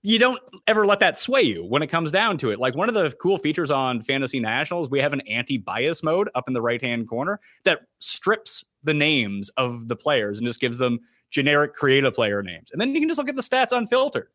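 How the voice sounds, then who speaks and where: Canadian man for a golf podcast guest spot; animated, wide-ranging delivery, recorded dry and close. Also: mid-range voice, no room sound. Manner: animated, quick asides and self-deprecating jokes. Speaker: fantasy golf analyst. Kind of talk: casual podcast chat.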